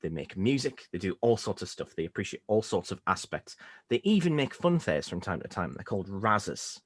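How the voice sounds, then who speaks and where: A man's voice: low voice, sing-song, normal speed, no echo. A man with a Northern English accent, co-hosting a podcast in casual, rambling, jokey chat. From Northern England. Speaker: podcast co-host.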